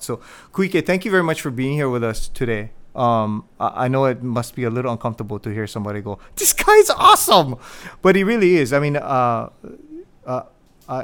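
A man hosting a podcast in Hawaii, introducing his guest in a casual, rambling way and acting out quotes with lively energy. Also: mid-range voice, clean tone. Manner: rambling, animated retelling with acted-out quotes. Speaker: podcast host.

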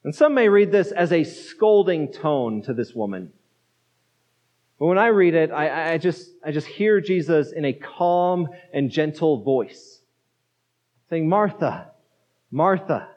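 A man's voice: a little high, expressive, a little slow, darkish tone. A male pastor preaching a sermon in a conversational way, asking his listeners rhetorical questions. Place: church sanctuary. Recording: dull lo-fi sound with long reverb.

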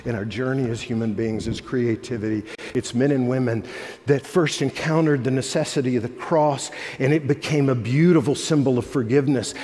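A male pastor delivering a sermon, swinging between loud, emphatic lines and hushed ones. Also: on the high side. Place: church sanctuary. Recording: long reverb of a large hall.

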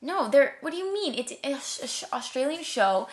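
A woman's voice: high-pitched, big pitch swings, a little fast. A young woman in her twenties chatting casually as a co-host, gushing about things she loves in long rambling runs. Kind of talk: casual chat.

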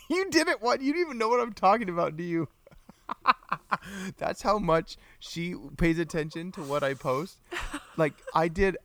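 Prowadzący podcastu, mężczyzna: żartobliwy, często się śmieje, czyta komentarze widzów; nagranie suche, bez pogłosu. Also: male voice, fairly high pitch, no room sound. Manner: joking, laughs often, reads viewer comments aloud. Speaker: podcast co-host. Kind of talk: casual live-stream chat.

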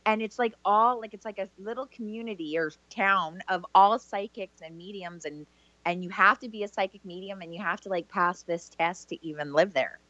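A woman's voice: medium pitch, normal speed, bright, forceful tone, dry recording, lo-fi sound. A woman from Canada co-hosting a casual radio chat, rambling and hedging with lots of "like". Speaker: psychic medium co-host.

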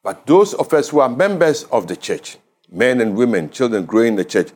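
A man with a Ghanaian English accent preaching a radio sermon as pastor, measured and emphatic, leaning on key words. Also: medium pitch, very animated, darkish tone.

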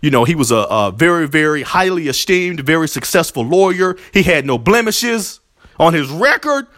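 A man's voice: on the high side, sing-song, moderate pace, fairly bright tone, no room sound, studio quality. A man hosting a religious podcast, talking in an emotional, preacherly way and repeating himself as he thanks his listeners. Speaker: podcast host. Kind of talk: heartfelt religious podcast talk.

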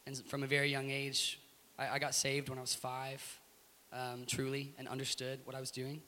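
American man as interview guest; lively and emphatic, bright tone, long room reverb. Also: medium pitch, normal speed. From United States. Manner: animated, emphatic, laughs through his story. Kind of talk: animated storytelling in an interview. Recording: echoey room with faint hiss.

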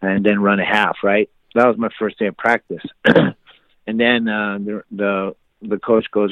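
A man's voice: lowish voice, fairly even intonation, unhurried, dry recording. A man casually telling a personal story, rambling with many fillers and restarts. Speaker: guest telling his life story. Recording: tinny phone-like line, dry.

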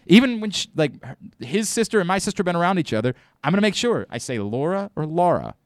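A man's voice: high voice, sing-song, fast, no echo, studio quality. A man hosting a sports radio show, talking emphatically and often stumbling over and repeating his words. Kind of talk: casual sports talk.

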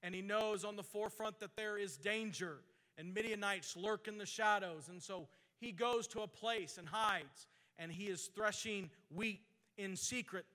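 Man, preacher, sermon, sharp tense tone, scripture read slowly, fervent exhortation. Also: sits high, in a large hall. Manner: reads scripture in slow King James cadence, then builds to fervent exhortation.

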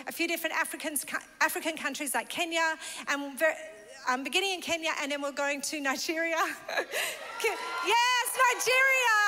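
A woman pastor from Northern Ireland preaches in a high, bright, forceful voice. Her sermon is bubbly and chatty, full of laughter, and the large church hall adds a long reverb.

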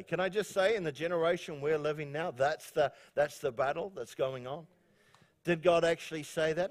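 A high-voiced man from New Zealand preaching a sermon. He jokes and rambles, laughs often and keeps restarting his sentences before he settles back into scripture. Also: normal speed. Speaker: pastor.

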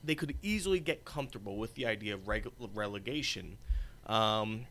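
A man's voice: lowish voice, moderate pace, pushed and bright. An American man co-hosting a podcast in casual chat, rambling, restarting and trailing off mid-thought. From United States. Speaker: podcast co-host.

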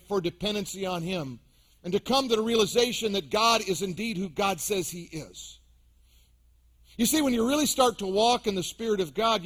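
A man's voice: sits high, a bit bright. A man preaching a sermon as pastor to his congregation, with emphatic rises and drops. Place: church sanctuary.

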